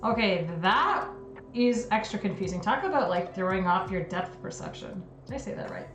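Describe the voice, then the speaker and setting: A woman's voice: medium pitch, lively intonation, moderate pace, a bit bright, reverberant, faint music behind. A woman hosting a casual livestream, chatty and giggly as she reacts to what she reads. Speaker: livestream host. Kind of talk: casual livestream chat reading conspiracy theories.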